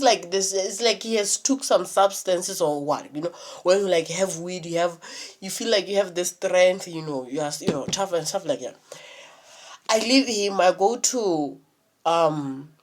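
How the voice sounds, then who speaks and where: A young woman telling a rambling, profanity-laced story in a casual vlog, full of fillers and restarts. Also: lowish voice. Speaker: vlogger.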